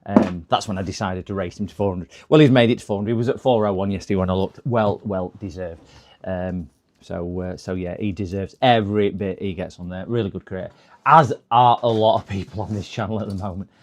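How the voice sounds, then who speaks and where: Chatty man with a lowish voice. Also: steady tone, a little fast. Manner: rambling, chatty, many fillers. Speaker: live-stream repair channel host. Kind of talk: casual live-stream chat. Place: repair workshop.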